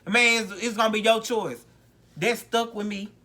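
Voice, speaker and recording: Bright-voiced woman telling her story frankly. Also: fairly high pitch, fairly even intonation, normal speed. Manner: rambling, frank, many restarts. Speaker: podcast host. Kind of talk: candid personal recovery story. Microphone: no podcast mic.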